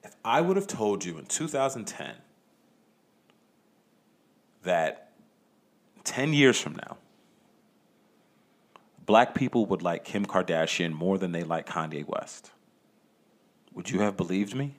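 Sitting low in pitch, this host's expressive voice moves at a slow pace with frequent pauses. He runs a solo podcast where he talks casually and profanely, rambling and stammering through restarts, with rhetorical questions aimed at the listener.

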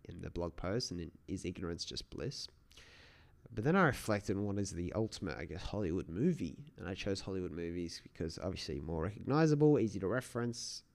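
A man's voice: low voice, expressive, a little fast, vocal fry. A man hosting a solo podcast, talking in a casual, rambling way with many restarts. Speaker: podcast host.

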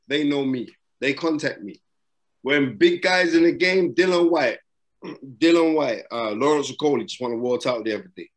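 Emphatic man, preacherly advice. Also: a little high. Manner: emphatic, repetitive and preacherly, with street slang. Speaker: boxing broadcaster and guest. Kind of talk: motivational advice in a casual interview. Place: hotel room during lockdown.

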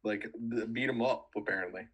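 Young man, low voice, podcast co-host, easygoing, laughs often, casual sports chat. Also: fairly quick, a bit bright, slightly rough, low-quality recording. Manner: easygoing, laughs often, laid-back storytelling. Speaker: podcast co-host, recruiting coach.

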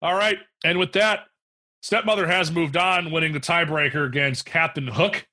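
A man's voice: a little high, fairly even intonation, moderate pace, bright, forceful tone. A man hosting a casual beer podcast, playful and teasing as he runs the segments. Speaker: podcast host.

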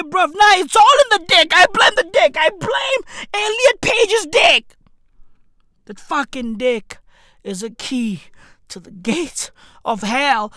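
A woman with delivering a profane comedic rant, swearing a lot and breaking into shouts. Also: very high voice, dry recording, clean studio sound. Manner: slang-heavy, swearing, bursts of shouting.

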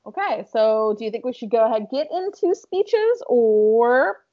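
A woman's voice: a little high, big pitch swings, moderate pace. A young woman co-hosting a casual chat, nervous and giggly, then reading a heartfelt speech aloud in an earnest way. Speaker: podcast co-host. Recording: dull, lo-fi sound.

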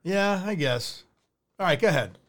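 Man, podcast co-host, casual chat, crude wisecracks, slightly high voice. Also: expressive, normal speed.

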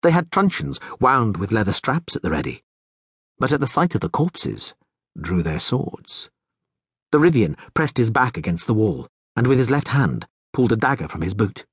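Brief: low-voiced male narrator, husky, lively pitch, dry close recording. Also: normal speed, no echo. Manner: expressive, dramatic. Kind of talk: audiobook narration.

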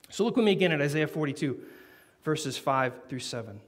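Animated preaching man, rising emphasis. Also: a little high, fast talker. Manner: animated, builds to emphatic peaks, storytelling. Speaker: pastor. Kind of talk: sermon.

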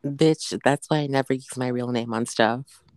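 A brash man chats on a podcast and swears freely. His voice is smooth and resonant, and the sound is dry. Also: mid-range voice, fairly even intonation, normal speed, no room sound. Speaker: podcast co-host. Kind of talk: casual chat.

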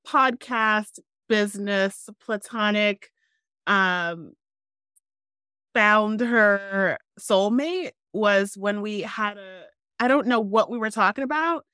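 A woman's voice: medium pitch, fairly bright tone, clear, resonant tone, no echo. A woman co-hosting a podcast, frank and giggly, thinking aloud in casual chat close to the mic. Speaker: podcast co-host.

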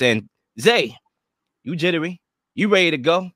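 Bright, dry-sounding hype man host. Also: a little high, very animated, moderate pace, no echo. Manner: hype, showman-like. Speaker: sports show host. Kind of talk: hype sports talk.

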